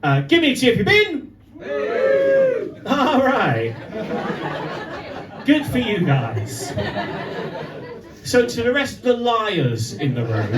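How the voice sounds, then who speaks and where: A young man doing a stand-up comedy set, telling stories that build to punchlines. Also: sits high. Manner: animated storytelling with punchlines. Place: pub venue with live audience. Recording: echoey live room from far off. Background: audience laughter.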